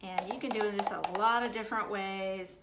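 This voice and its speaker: At home in the US Midwest, a woman hosts a casual recipe demonstration, chatting upbeat and directly to her viewers. Her medium-pitched voice is steady and at normal speed, but the recording is very noisy.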